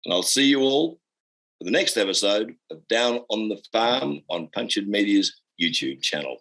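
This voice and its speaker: A male host with an Australian accent asks loose, rambling questions, stumbling over fillers and restarts. His voice sits low, and he keeps it chatty. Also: very animated, moderate pace, vocal fry, fairly bright tone, rough recording. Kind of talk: casual interview.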